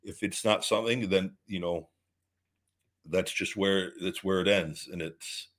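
A heated, foul-mouthed middle-aged man hosts an unscripted livestream, answering viewer questions in a low, unhurried voice. His profane ranting swings to calm, rambling advice, and he often repeats words and restarts.

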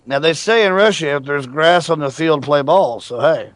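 Joking higher-voiced male radio host. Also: normal speed, a bit bright, dry recording. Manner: joking, opinionated. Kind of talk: casual call-in radio talk.

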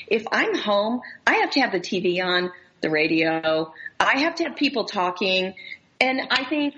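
Bright, chatty older woman. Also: fairly high pitch, lo-fi sound. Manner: chatty, self-mocking. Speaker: podcast co-host. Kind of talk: casual chat.

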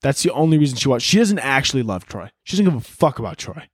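A man's voice: medium pitch, fast, breathy edge, no room sound, clean studio sound. A young man hosting a solo podcast with a sore throat, ranting profanely and animatedly as he tells stories. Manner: profane, animated storytelling, shouts when mimicking others. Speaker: podcast host. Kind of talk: solo comedic podcast rant.

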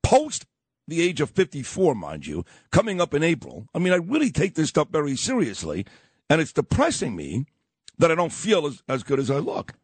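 A man, hosting morning talk radio and telling stories with lively voiced quotes. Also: fairly high pitch, moderate pace, husky, dry recording. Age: 50s. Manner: animated storytelling with voiced quotes. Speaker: radio host.

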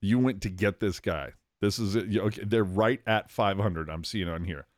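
A man co-hosting a hockey podcast in casual chat, excitable and slangy, calling his co-host "dude". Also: lowish voice, normal speed, no room sound, clean studio sound.

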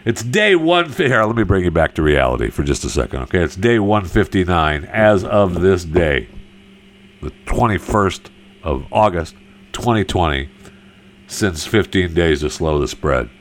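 A man telling a string of corny cow jokes in a slow delivery and laughing at his own punchlines. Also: low voice, big pitch swings. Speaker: joke teller.

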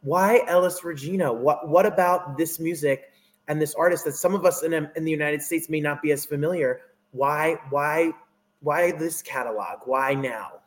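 A man's voice: on the high side, normal speed, rough recording. A man with a New Jersey accent hosting an interview, asking questions and promoting his guest's album with upbeat emphasis.

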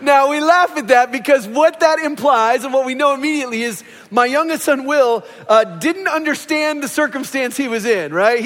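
A man in his thirties or forties preaching a sermon as pastor, telling stories and acting out the voices in them. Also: very high voice. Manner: animated storytelling, acts out quoted voices. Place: church sanctuary. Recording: long reverb of a large hall.

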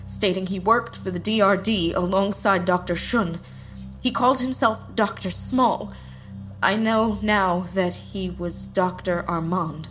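An actress playing a frightened young woman witness in an audio drama, halting and breathless. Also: medium pitch, a bit bright.

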